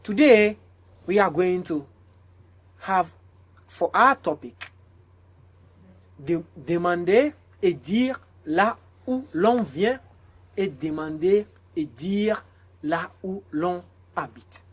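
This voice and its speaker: A woman's voice: on the low side, expressive, slow pace, long pauses. A woman from Ghana hosting a French lesson, explaining in English and French. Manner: clear explanatory delivery, switching between English and French. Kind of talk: presenting a language lesson.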